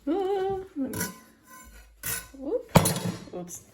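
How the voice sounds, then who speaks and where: A woman chatting casually while baking in her home kitchen, excitable, swearing freely and laughing often. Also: mid-range voice, measured pace, echoey room, over loud music. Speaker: baking vlogger. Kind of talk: casual cooking vlog chat.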